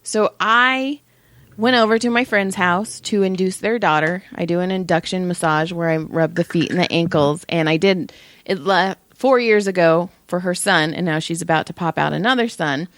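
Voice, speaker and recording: A woman co-hosting a podcast, chatting casually and telling profane, animated stories. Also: fairly low pitch, moderate pace, no echo. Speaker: podcast co-host. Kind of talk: casual chat.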